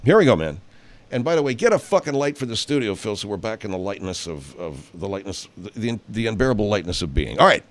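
A man's voice: on the low side, big pitch swings, fast talker. A male show host in a studio, rambling through a casual, profane pre-show monologue full of fillers.

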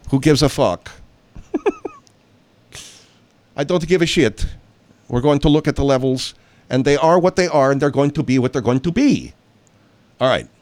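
A man's voice: medium pitch, normal speed, pauses often, a little mellow, no room sound. A male show host in a studio, rambling through a casual, profane pre-show monologue full of fillers.

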